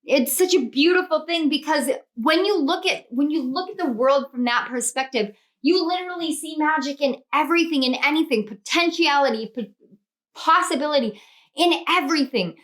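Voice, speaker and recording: Young woman doing a tarot reading, high pitched and super gushy, lots of oh my god energy. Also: moderate pace. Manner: gushing, excitable, spiritual, exclamatory. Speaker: tarot reader. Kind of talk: pick-a-card tarot reading to camera.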